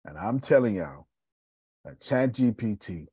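Male live-stream host, low husky voice, swings widely in pitch, preachy delivery. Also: unhurried, no room sound, studio quality. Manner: animated and preachy, with Southern Black American slang. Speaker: host of a live video show. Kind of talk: casual live-stream talk.

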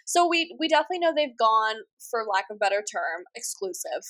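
A woman's voice: on the high side, big pitch swings, quick pace, a bit bright. An American woman co-hosting a podcast in casual chat, offhand and blunt, posing rhetorical questions. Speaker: podcast co-host.

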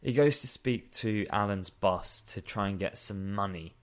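Picture a man with a slightly low voice, griping sarcastically about a bad film to his co-host. His talk is casual and exasperated, with a dry edge and an occasional swear. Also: measured pace. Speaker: podcast co-host. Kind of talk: casual comedic film review chat.

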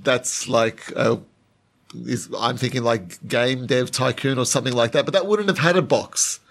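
A man's voice: medium pitch, moderate pace, vocal fry. A man reacting enthusiastically as a contestant in casual podcast chat.

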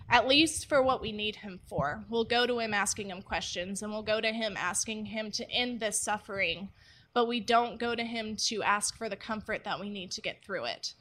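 A woman's voice: medium pitch, moderate pace, sharp tone. A young woman speaking earnestly about faith, candid and personal, with frequent ums. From United States. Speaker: church ministry speaker. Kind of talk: faith-based teaching talk.

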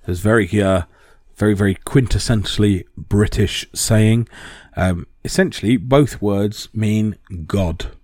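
Low-voiced man explaining, rambling. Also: unhurried, a little mellow, no room sound, clean studio sound. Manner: rambling, with many ums and restarts. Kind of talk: casual explanatory talk.

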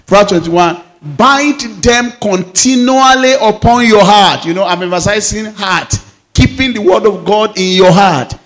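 A man, a pastor preaching a sermon and drawing out scripture lines slowly for emphasis. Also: a little high.

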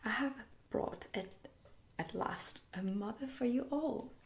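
A woman's voice: fairly low pitch, fairly even intonation, unhurried, gravelly, a little hiss or hum. A woman voicing a proud, commanding boy leader in a whispered role-play. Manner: whispered, hushed.

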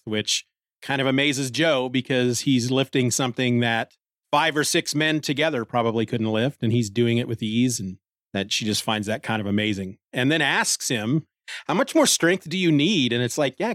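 A man's voice: mid-range voice, fairly bright tone, no echo, studio quality. Man casually recapping a comic. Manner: rambling, with restarts and short laughs. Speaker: podcast host reviewing a comic.

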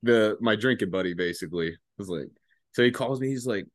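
A young man relaxes into a rambling, foul-mouthed story as a podcast guest. His voice sits on the low side and sounds dry and close. He chuckles as he goes and takes detours in the telling. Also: brisk, dry recording. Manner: profane, laughing, rambling. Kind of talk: casual storytelling.

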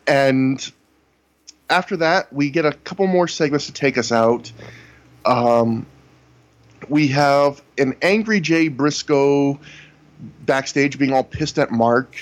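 A man in casual podcast conversation, walking through events in long recaps. His pitch sits in the middle range, and he leans on "you know" as he goes. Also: takes it slowly, long pauses, highs cut off. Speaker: podcast co-host reviewing wrestling shows. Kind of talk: casual chat.

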